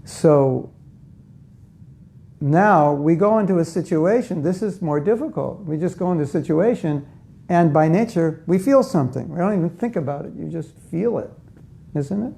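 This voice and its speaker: A man's voice: on the high side, lively intonation, normal speed, vocal fry, warm tone. A man giving a conversational spiritual talk to a live audience, often asking them questions and acting out inner voices. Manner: acts out inner voices in quotes. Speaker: spiritual teacher.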